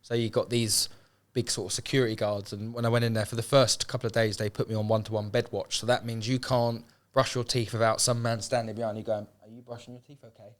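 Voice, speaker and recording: A man's voice: lowish voice, level tone, fast, few pauses. A man telling his life story candidly as an interview guest, swearing freely and acting out what others said. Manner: swears freely, frequent restarts, acts out quoted speech.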